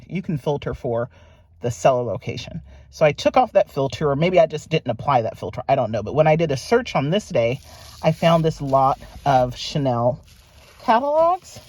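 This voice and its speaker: A middle-aged woman talks casually to her viewers while she opens a parcel. Her pitch swings up and down in a lively way. She gushes and speaks straight to her audience. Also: no echo. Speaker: vlogger. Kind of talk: casual unboxing chat. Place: at a private mailbox.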